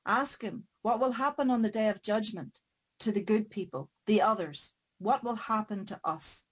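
An ancient hooded fiddler of the fair folk, grim and unearthly, his voice slow and weighted, as a woman storyteller puts him on. He is a withered old creature who pleads and threatens by turns. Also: mid-range voice, slightly rough, natural voice. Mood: pleading.

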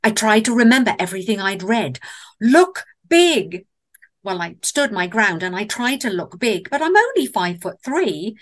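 A woman's voice: mid-range voice, expressive, normal speed, hardly any pauses. A woman with an English accent telling a comic story in a theatrical way, with wry asides. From England.

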